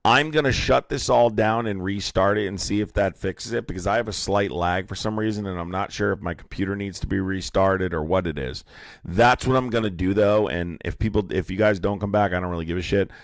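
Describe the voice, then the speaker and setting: Hoarse dude running a live stream, super low gravelly voice, blunt and swears a lot. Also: male voice, a little fast, no room sound, clean studio sound. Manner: blunt and profane. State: hoarse, sore throat.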